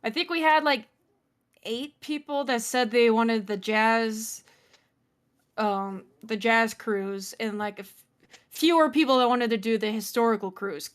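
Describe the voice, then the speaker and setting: Chatty woman, fairly high voice. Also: clean tone. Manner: chatty, halting with fillers. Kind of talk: casual group chat on a stream.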